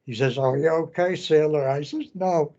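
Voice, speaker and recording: An elderly man in his nineties, a veteran telling his story in an oral history interview, halting and repeating words as he goes. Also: on the high side, warm tone, lo-fi sound. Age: 90s. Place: veterans center room.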